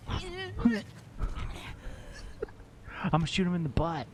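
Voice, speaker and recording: A man live-streaming a game and chatting casually with viewers, excitable, laughing often and swearing when surprised. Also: high-pitched, very slow, long pauses, background noise. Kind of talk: casual gameplay commentary to chat. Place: at home.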